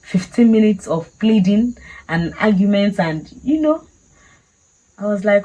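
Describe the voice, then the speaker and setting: A woman's voice: medium pitch, animated, unhurried, dark tone, highs cut off. A woman with a Nigerian accent, telling a personal story casually and animatedly, laughing often. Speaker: vlogger.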